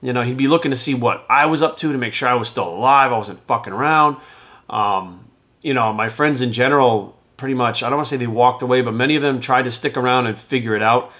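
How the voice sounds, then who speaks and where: A middle-aged man telling his own story in a frank, conversational way, swearing casually and getting animated as he recalls events. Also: medium pitch, fast talker. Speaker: podcast host telling his recovery story. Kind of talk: candid personal storytelling.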